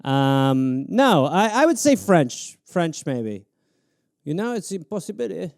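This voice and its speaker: Animated, high-voiced male comedian riffing. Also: slow pace, vocal fry, no room sound, studio quality. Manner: animated, crude, jumps into voices. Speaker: comedian host of a live show. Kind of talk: improvised comedy riffing on prompts.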